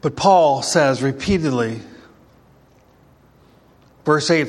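A man with a high, bright-pitched voice preaches emphatically, pressing his congregation with rhetorical questions. His words ring out with a long reverb tail, as if caught in a large church sanctuary. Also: unhurried. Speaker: pastor. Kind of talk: sermon.

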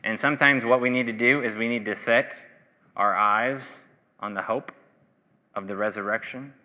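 A man preaching a sermon as pastor, earnest and emphatic, swinging from loud declarations to quiet, low passages. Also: steady tone, normal speed, long reverb tail. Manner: earnest, rising to emphatic bursts then dropping low.

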